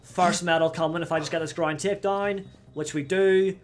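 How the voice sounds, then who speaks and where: A young man hosting a gaming channel, giving let's play commentary; excitable, he yells at the game and swears. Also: a little high, moderate pace.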